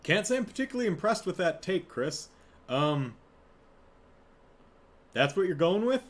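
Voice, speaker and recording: His voice sits high and is very animated, moving at a normal speed. As a podcast host doing a casual solo review, he wanders from point to point, breaks off to laugh, and acts out quotes.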